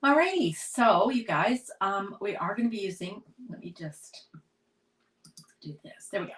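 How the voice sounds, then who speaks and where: A woman's voice: mid-range voice, animated, a little slow, fairly bright tone, husky. A woman with a mild head cold, chatting through a live card-making demonstration and greeting viewers by name. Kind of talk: live craft demo chat.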